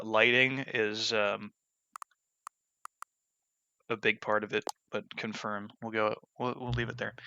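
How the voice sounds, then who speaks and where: A man's voice: lowish voice, creaky, bright, forceful tone, a little hiss or hum. A man casually commenting on a game as he plays, rambling with fillers and false starts, on a dull lo-fi mic. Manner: rambling, many fillers and restarts. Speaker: let's play gamer.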